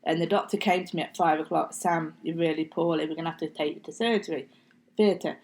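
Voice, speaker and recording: Sitting low in pitch with fairly even intonation and a darkish tone, a middle-aged woman talks briskly as a podcast guest over a rough recording. She tells her story in a chatty, casual interview style, acting out quoted speech and now and then dropping almost to a whisper.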